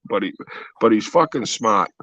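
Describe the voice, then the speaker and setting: A man's voice: on the low side, lively intonation, moderate pace, fairly bright tone, dry recording. A man in a casual stream chat, telling crude, hyped stories about boxing people. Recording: dull lo-fi stream audio.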